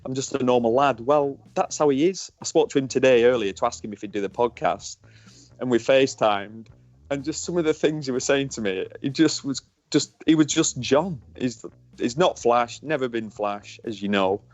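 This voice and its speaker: A man's voice: medium pitch, expressive, normal speed, dry recording. Northern English man in his forties, podcast co-host, candid, jokey storyteller, dry close sound, slightly muffled. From northern England. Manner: candid, jokey, swears freely. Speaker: podcast co-host, former motorbike racer. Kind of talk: casual podcast chat.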